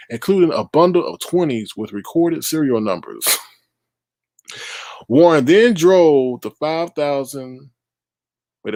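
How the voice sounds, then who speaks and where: Lively middle-aged man reading news. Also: mid-range voice, no room sound, clean studio sound. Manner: animated, exclaiming and laughing at the story; reads news aloud and talks to the chat. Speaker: live-stream host. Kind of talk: live-stream news commentary.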